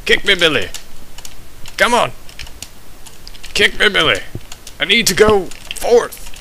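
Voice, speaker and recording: A man's voice: sits high, sing-song, takes it slowly, sharp tone, slight background noise, low-quality recording. A young man giving frustrated, goofy running commentary while playing a video game. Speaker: gameplay commentator. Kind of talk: let's play commentary.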